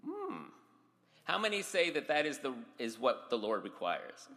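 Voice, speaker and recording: A man's voice: medium pitch, very animated, normal speed, fairly bright tone, big-room sound. A man preaching a sermon, reading scripture dramatically and speaking directly to his congregation. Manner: dramatic, voices scripture with raised intensity. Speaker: pastor.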